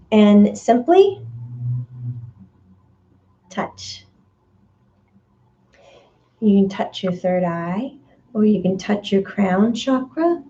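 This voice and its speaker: A woman medium talks slowly through a spiritual energy reading, her voice soft and mellow. She hunts for words with plenty of fillers and sometimes breaks into sudden high acted voices. The recording sounds a little dull and muffled. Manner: slow, dreamy, searching for words with many fillers.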